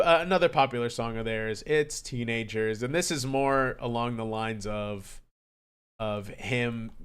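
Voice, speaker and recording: A man streaming live, talking casually about an album he loves, excitable and swearing often, swinging between hushed and loud. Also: medium pitch, smooth. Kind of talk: casual livestream music commentary.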